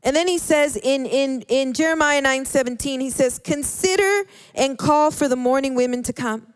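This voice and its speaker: A woman preaching a sermon in an earnest, halting way, often restarting her words. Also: high-pitched, no echo. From Hispanic background.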